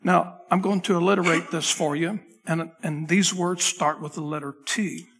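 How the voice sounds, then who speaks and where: A man with a slightly high, husky voice preaches from the pulpit into a microphone. His talk is loose and conversational, full of restarts and asides to the crew at the back. The sound carries a long reverb from the sanctuary. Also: steady tone, moderate pace, fairly bright tone. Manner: loose, chatty delivery with frequent restarts and asides to the tech crew. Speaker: pastor. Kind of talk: conversational sermon. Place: church sanctuary.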